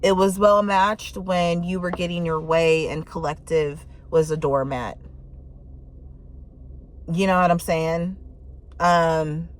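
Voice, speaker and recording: A woman reading tarot messages in casual chat, candid and loose, swearing freely and reacting out loud. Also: lowish voice, steady tone, slow, long pauses. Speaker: tarot reader.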